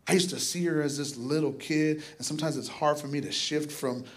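Middle-aged male pastor, sermon delivery, fervent, repetitive exhortations, fairly high voice. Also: steady tone, fairly quick. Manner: impassioned, builds to emphatic repeated exhortations.

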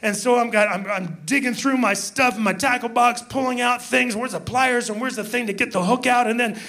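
A man in his fifties, a pastor telling a story in a sermon, animated and laughing as he acts out shouts. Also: extremely high pitch, moderate pace, faint music behind.

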